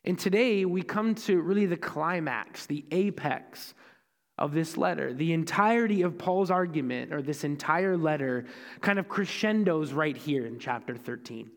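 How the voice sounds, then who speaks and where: A man's voice: a little high, animated, moderate pace, long reverb tail. A young man preaching a sermon as pastor, in a conversational storytelling way with self-deprecating asides.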